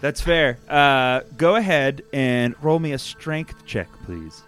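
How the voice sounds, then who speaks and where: A man narrating as game master of a tabletop game, lively, laughing often and hesitating with fillers. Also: mid-range voice, takes it slowly, faint music behind.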